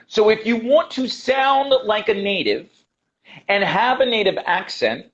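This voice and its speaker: An American man with a high voice speaks emphatically as a guest on a video call, pressing his points and repeating them for weight. He is an English teacher who calls his host brother. The audio is dull and lo-fi, as call audio often is. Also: expressive, unhurried, a bit bright. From United States. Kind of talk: passionate interview talk.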